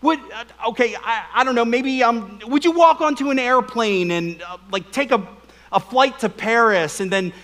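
Man, pastor, high-pitched, animated, joking sermon. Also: moderate pace. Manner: animated, joking, asks the crowd questions. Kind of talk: humorous sermon.

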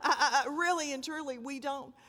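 High-voiced older woman preaching. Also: a little fast. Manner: dramatic, emphatic storytelling with swells and hushed drops. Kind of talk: sermon. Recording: long hall reverb.

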